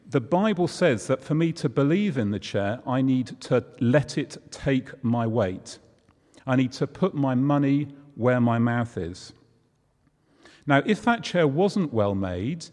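Preacher in a reverberant hall. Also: male voice, mid-range voice, darkish tone. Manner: conversational, using props and everyday examples. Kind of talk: sermon. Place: church hall.

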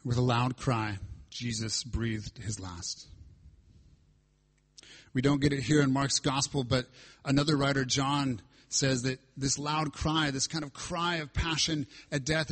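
A man's voice: mid-range voice, fairly even intonation, unhurried, fairly bright tone. A male pastor preaching a sermon, reading scripture aloud and stressing lines with dramatic emphasis.

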